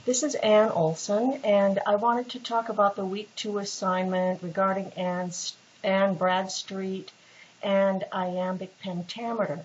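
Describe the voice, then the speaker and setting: Woman, instructor, unhurried lecture, casual fillers, muffled lo-fi sound. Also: medium pitch, flat delivery. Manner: casual, patient, with frequent fillers and restarts. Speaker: literature instructor. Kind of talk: recorded online lecture. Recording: dull lo-fi recording with faint hiss.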